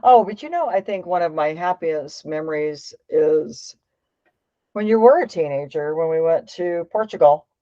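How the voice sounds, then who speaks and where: Older mom chatting and reminiscing, mellow voice, muffled dry recording. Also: female voice, low voice, expressive, moderate pace, no echo. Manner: chatty, reminiscing, laughs often. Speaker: mother. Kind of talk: casual family chat.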